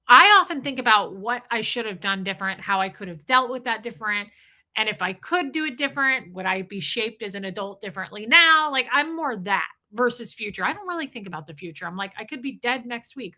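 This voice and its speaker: A woman's voice: a little high, pushed and bright. A woman hosting a live stream in casual chat, rambling and greeting viewers between her thoughts.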